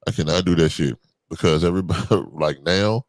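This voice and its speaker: Deep-voiced man in loose podcast chat. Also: brisk, no room sound. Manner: animated, swears a lot, loud outbursts when worked up. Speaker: podcast co-host. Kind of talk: casual chat.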